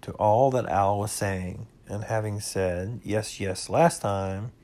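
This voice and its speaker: A man reading a children's storybook aloud, slow and expressive. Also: on the low side. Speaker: reader.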